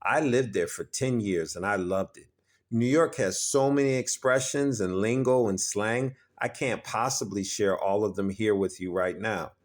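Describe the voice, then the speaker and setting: Lowish-voiced man teaching English. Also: moderate pace. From Philadelphia, USA. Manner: upbeat, explanatory, acts out sample phrases. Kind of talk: scripted lesson narration.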